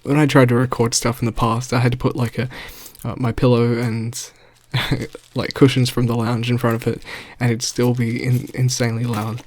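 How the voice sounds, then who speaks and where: A man's voice: medium pitch, little pitch movement, moderate pace, no room sound. A young man in his bedroom, chatting off the cuff and reacting to his own old video, nervous and self-mocking, laughing often. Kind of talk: casual unscripted reaction chat. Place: bedroom floor, indoors.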